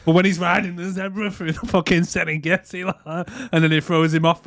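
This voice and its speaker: Bloke, bit high voice, laughing and swearing through film scenes, dry sound. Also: male voice, level tone, brisk, fairly bright tone, no room sound. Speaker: podcast co-host. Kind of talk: casual chat.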